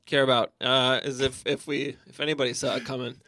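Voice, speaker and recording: A man in casual podcast chat, tossing in wry follow-up questions and relaxed anecdotes. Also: mid-range voice, brisk.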